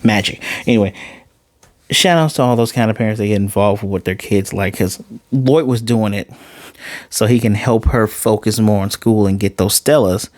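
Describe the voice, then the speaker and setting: A man recapping an anime episode in casual talk, animated and quick to slip into quoted voices. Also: fairly low pitch, no echo. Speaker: anime reviewer.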